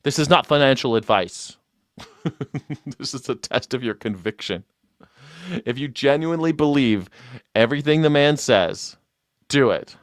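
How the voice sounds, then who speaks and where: A man's voice: mid-range voice, lively intonation, measured pace, long pauses, no room sound. Mocking streamer guy, laughs a lot, repeats himself, dry sound. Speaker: live stream host. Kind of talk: sarcastic live commentary.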